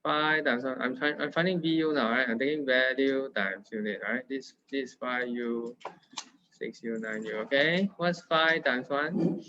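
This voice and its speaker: A man's voice: medium pitch, unhurried, pushed and bright, slight background noise. A man with a Singaporean English accent, tutoring math in a casual, playful, teasing way. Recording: dull lo-fi sound.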